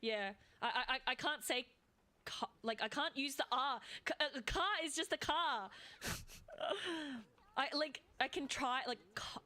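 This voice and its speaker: A woman's voice: sits high, slow pace, sharp tone. A woman with an Australian accent, chatting casually and rambling while streaming a game. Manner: rambling, chatty, with frequent fillers and laughs. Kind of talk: casual live gameplay stream chat.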